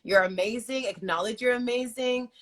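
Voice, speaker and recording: A woman speaking as a guest singer in a casual livestream interview, soft and affirming with many fillers, talking into a phone she holds in her hand. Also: a little high, normal speed. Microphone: phone held in hand.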